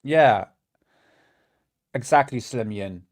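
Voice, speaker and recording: On his reaction livestream, a host vents his exasperation in a slow, expressive, slightly mellow voice of medium pitch. Swearing and stammering, he keeps restarting what he says.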